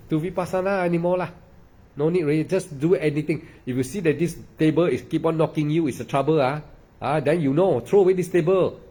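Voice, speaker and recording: A man's voice: on the high side, dark tone, breathy edge. A man giving a meditation dharma talk, repeating himself and peppering his speech with "ah" and "lah". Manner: repetitive, emphatic, with frequent "ah" and "lah". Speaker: meditation teacher.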